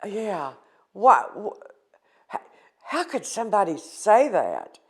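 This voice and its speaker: A woman's voice: mid-range voice, huge pitch swings, slow, darkish tone. An older woman from the United States recounting a painful personal experience in an earnest, emotional interview.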